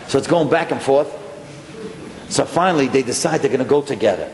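A man's voice: medium pitch, a little fast, pauses often. A man, a rabbi, telling a story aloud and acting out each person's lines. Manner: animated, acts out dialogue. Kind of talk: storytelling talk. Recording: echoey hall with faint noise.

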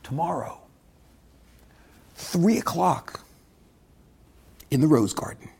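A man voicing a young prince in a told story, speaking low and hushed as he schemes. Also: expressive, slow, creaky, slightly rough, exaggerated voice. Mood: conspiratorial.

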